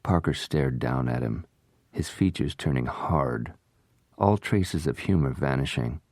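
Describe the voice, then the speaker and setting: A man narrating a suspense audiobook in measured, steady storytelling. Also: very deep voice, no echo, studio quality. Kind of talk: scripted narration.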